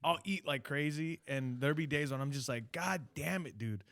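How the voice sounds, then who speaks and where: A man's voice: medium pitch, moderate pace, fairly bright tone, clear, resonant tone. A man hosting a podcast in casual, slangy chat, repeating his points for emphasis. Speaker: podcast host.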